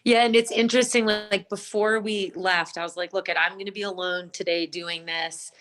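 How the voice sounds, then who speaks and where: A woman's voice: mid-range voice, steady tone, moderate pace, fairly bright tone, slight background noise. A woman and mother telling a coaching group about a hard moment, chatty and full of fillers. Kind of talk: casual group discussion.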